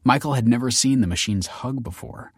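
A man reading a story aloud in measured, scripted audiobook narration. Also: mid-range voice, breathy edge, no room sound, clean studio sound.

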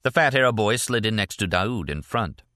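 A man narrating an audiobook in a steady, deliberate reading voice. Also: lowish voice, no echo, clean studio sound. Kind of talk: scripted narration.

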